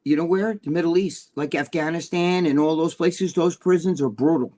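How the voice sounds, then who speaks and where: A man's voice: fairly high pitch, normal speed, darkish tone, slight background noise. A man, talking casually and profanely as a podcast guest, rambling through stories without stopping. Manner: profane, rambling storyteller who talks nonstop. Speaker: guest, bodybuilding personality.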